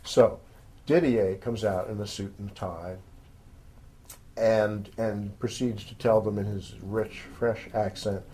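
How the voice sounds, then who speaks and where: A man's voice: lowish voice, fairly even intonation, slow pace, warm tone. A man, a magazine editor, chatting informally about weekend picks, rambling with many fillers and addressing listeners as folks. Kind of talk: casual spoken recommendations.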